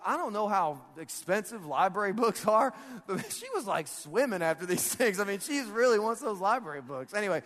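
A man preaches a relaxed, humorous sermon and talks to the congregation as if chatting with friends. His voice sits a little high, and laughter often breaks into his sentences. A long reverb from the large church hall trails behind each phrase. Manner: jokey and conversational, often laughing mid-sentence. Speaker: pastor. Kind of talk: casual, humorous sermon with a personal story.

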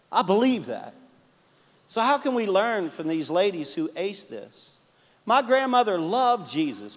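A man who pastors a church, preaching a sermon and telling stories, swinging between emphatic and hushed delivery. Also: fairly high pitch, in a large hall. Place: church sanctuary.

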